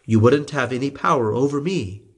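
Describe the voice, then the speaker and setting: A man voicing a calm, gentle condemned man in a scripture reading, measured and quiet. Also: mid-range voice, slightly rough.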